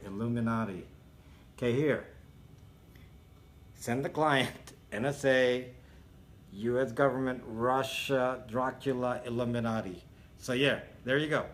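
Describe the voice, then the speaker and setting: A man's voice: medium pitch, a little hiss or hum. A man hosting a casual livestream, answering viewer comments with sarcastic jokes, frequent laughs and rambling asides. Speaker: livestream host.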